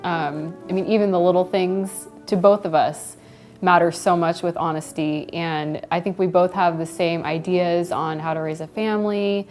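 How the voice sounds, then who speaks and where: A woman's voice: on the low side, fairly even intonation, normal speed, a little mellow, soft background music. A woman chatting casually about her engagement, laughing lightly between phrases with many ums and likes. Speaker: bride telling how she was proposed to. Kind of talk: casual personal storytelling to camera.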